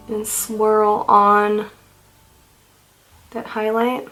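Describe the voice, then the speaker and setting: A woman's voice: mid-range voice, level tone, drawn-out words, pauses often, low-quality recording. Young woman, beauty vlogger, casual makeup chat, self-mocking, a bit out of breath, faint music behind. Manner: chatty, self-mocking, talks while doing makeup. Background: faint background music.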